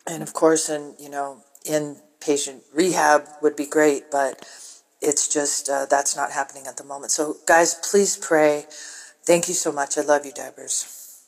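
Low-voiced woman leaving a prayer request. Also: steady tone, poor audio. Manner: halting, with many ums and restarts. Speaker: caller asking for prayer. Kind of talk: casual voicemail to a radio show.

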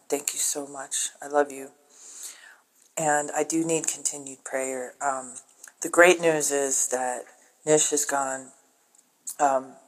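A woman with a low voice leaves a voicemail asking listeners to pray. She talks haltingly, breaking off and restarting her sentences. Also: rough recording. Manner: halting, with many ums and restarts. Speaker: caller asking for prayer. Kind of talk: casual voicemail to a radio show.

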